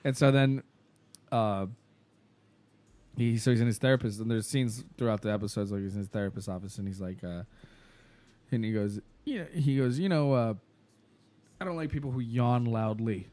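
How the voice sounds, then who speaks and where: A man with a low, dark-toned voice co-hosts a podcast, speaking at normal speed but pausing often. In casual conversation he recounts a show scene in a rambling way, full of fillers and laughs.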